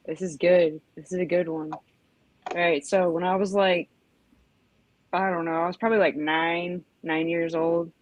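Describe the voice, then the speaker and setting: A woman's voice: lowish voice, flat delivery, measured pace, rough recording. A woman in her forties telling a rambling story in casual chat, full of "you know" and "like", acting out yelps. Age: 40s. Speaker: podcast host.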